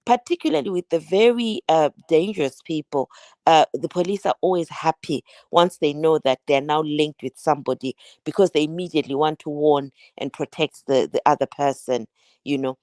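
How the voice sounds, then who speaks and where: British woman guest, deep voice, earnest and measured advice. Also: mellow, no room sound. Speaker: guest speaker. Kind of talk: advice on a call-in.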